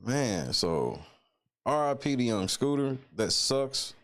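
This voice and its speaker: Animated, profane male live-stream host. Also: medium pitch, slow pace. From Indiana. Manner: greets chatters mid-rant. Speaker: livestream host. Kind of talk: casual live-stream commentary.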